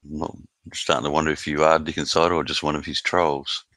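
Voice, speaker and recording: Laid-back Australian male streamer, very deep and forceful, dry close sound. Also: little pitch movement, brisk, no echo. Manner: laid-back, swears freely, chats with viewers. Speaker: live stream host reading chat. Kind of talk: casual live-stream chat. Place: at home in South Australia.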